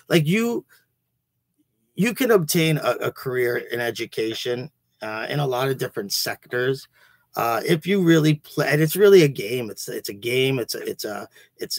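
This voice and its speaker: A man's voice: mid-range voice, vocal fry, dry recording. A man hosting a podcast, a teacher talking in a rambling, profane, casual way with many restarts. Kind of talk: casual chat.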